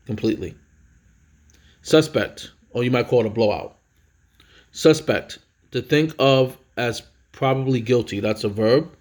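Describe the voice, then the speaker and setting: A man teaching a vocabulary lesson, reading words and definitions aloud in a casual way, with fillers and self-corrections. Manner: reads each headword louder and higher, then drops to explain.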